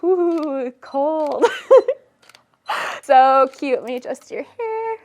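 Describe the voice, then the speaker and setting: A woman's voice: sits high, animated, extremely slow. Gushing woman photographer giving model directions. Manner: gushing, encouraging, repeats praise words. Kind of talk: casual studio directions. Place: indoor photo studio.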